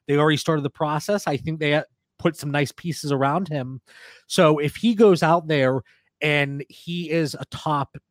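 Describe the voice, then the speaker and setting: A man's voice: fairly high pitch, dry recording, studio quality. A man co-hosting a casual podcast discussion, steering the talk and passing questions to his co-hosts. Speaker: podcast co-host, fantasy football analyst.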